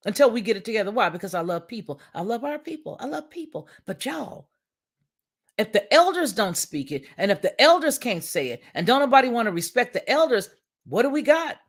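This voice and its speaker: A woman's voice: fairly high pitch, big pitch swings, fairly quick. A woman hosting a livestream commentary, speaking in with an emphatic, preachy, repetitive manner. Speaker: commentary channel host.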